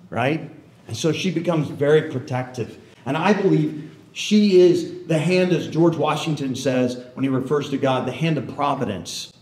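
A male historian spins a lively story for a room of listeners, often checking in with them. His voice sits a bit high, and the hall adds a roomy echo. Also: moderate pace. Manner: animated, keeps checking in with the audience. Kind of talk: storytelling lecture.

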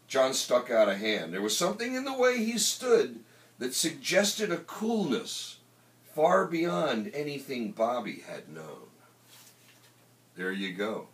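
A man's voice: medium pitch, sing-song, unhurried, a bit bright. Man reading his own novel with animation. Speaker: author. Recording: roomy, distant mic.

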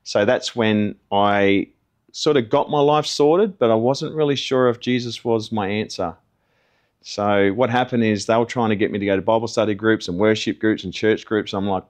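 A man's voice: fairly low pitch, normal speed. A middle-aged man gives a personal testimony, telling his story in an earnest, conversational way. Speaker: testimony guest.

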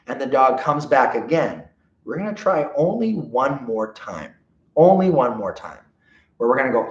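A man teaching a dog training seminar with a lively, swooping delivery that keeps checking in with "okay?" and "right?". The sound is dull and lo-fi, in a roomy space. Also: mid-range voice, moderate pace.

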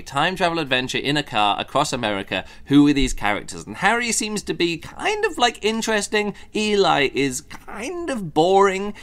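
A man's voice: fairly high pitch, a bit bright. A man hosting a podcast, giving a casual spoken book review in a rambling way, with many fillers and restarts, now and then mimicking characters mockingly.

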